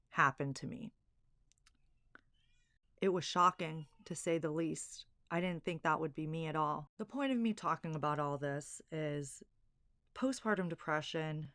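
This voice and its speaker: A woman's voice: sits low, fairly bright tone, clean tone, no room sound, studio quality. A young woman hosting her own podcast, speaking candidly and earnestly, getting worked up and emphatic about the subject. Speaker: podcast host. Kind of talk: candid solo podcast talk.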